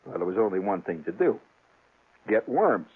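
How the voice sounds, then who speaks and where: A man telling a rambling, humorous fishing story on the radio, jumping up and down in pitch as he gets worked up. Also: moderate pace, husky. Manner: rambling, animated, restarts, chuckles. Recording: tinny, phone-like old radio sound.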